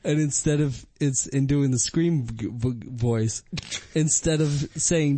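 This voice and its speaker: A man's voice: medium pitch, slow, few pauses, mellow, a little hiss or hum. A man in his thirties telling a story in casual chat, swearing and laughing often.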